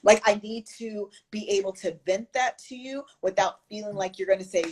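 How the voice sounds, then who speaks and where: A woman's voice: medium pitch, normal speed. A woman guest on a casual video chat, speaking earnestly and stressing her points with repetition. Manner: earnest, emphatic, repeats phrases for stress.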